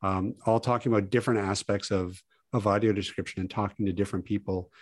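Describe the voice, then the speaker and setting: A man's voice: lowish voice, steady tone, fast talker, no room sound. A man co-hosting a podcast, chatting casually and rambling with restarts over a remote call. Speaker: podcast co-host. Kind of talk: casual chat.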